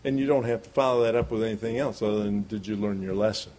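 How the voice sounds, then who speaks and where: A man's voice: lowish voice, fast, warm tone. A middle-aged man preaching a sermon, telling a homespun childhood story in a folksy way and chuckling often.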